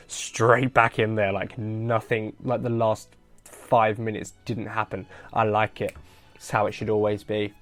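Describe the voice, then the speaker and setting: A man hosting a casual solo podcast into a headset mic, rambling and self-deprecating, tired and loopy after midnight. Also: fairly low pitch. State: tired and loopy late at night. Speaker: podcast host.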